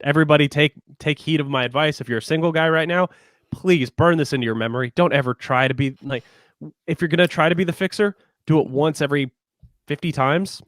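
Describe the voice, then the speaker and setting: Fast-talking blunt man co-host. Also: on the high side, a bit bright, no room sound, studio quality. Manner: blunt, jokey, emphatic. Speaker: podcast co-host. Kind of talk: casual relationship advice chat.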